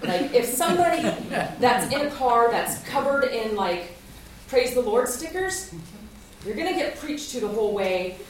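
A woman's voice: fairly high pitch, moderate pace. Young woman from alaska spinning a funny yarn, laughs a lot, super echoey room, kinda far from the mic, noisy. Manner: lively, laughs often, acts out quotes. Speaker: storyteller. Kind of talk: live personal storytelling.

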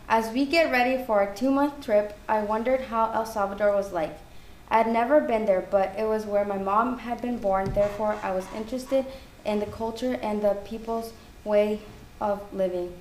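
A woman reading her own ghost story aloud, earnest and careful, correcting herself now and then. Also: a little high. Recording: echoey room with faint background noise.

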